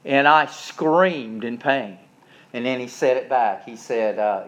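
A man's voice: medium pitch, slow, slight background noise. A man preaching a sermon, moving from folksy childhood storytelling into fervent preaching. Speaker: pastor. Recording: dull lo-fi sound.

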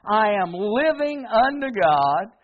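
A man's voice: high-pitched, big pitch swings, takes it slowly, phone-quality sound. A man preaching a sermon, getting the congregation to repeat words back and hammering key words through repetition. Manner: call-and-response with congregation, emphatic repetition.

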